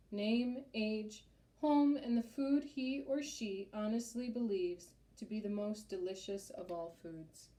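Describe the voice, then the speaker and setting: A woman reading aloud, voicing an earnest young male royal messenger who speaks plainly and clearly. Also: medium pitch, warm tone, close to an everyday voice. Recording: roomy echo.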